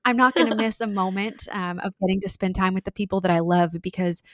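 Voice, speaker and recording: A woman's voice: lowish voice, steady tone, normal speed, no room sound. Sincere thirties woman guest, reflective, lots of "um, you know", dry room. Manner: earnest, reflective, many fillers. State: briefly tearful. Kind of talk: heartfelt podcast conversation.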